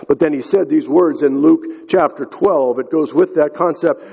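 A man's voice: mid-range voice, moderate pace, gravelly, hardly any pauses, dark tone, breathy edge. A man preaching a sermon as pastor, earnest and given to restarting his phrases, recorded in a large church hall. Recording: dull sound with long hall reverb.

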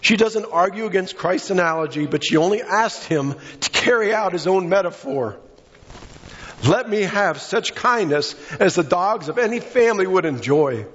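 Male preacher, passionate sermon delivery, slightly high pitch, dull lo-fi recording. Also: expressive, normal speed, fairly bright tone. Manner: impassioned, acts out quoted voices.

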